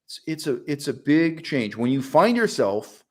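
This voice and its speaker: Animated, opinionated middle-aged man. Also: a little high, normal speed. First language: English. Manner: animated and opinionated, frequent fillers and laughs. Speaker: channel host. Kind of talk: casual monologue to camera.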